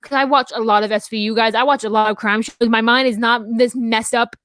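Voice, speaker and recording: A woman's voice: fairly high pitch, fairly even intonation, brisk, a bit bright, no room sound. A young adult woman co-hosting a podcast, talking in casual chat that rambles with frequent restarts and fillers. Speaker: podcast co-host and theater dramaturg.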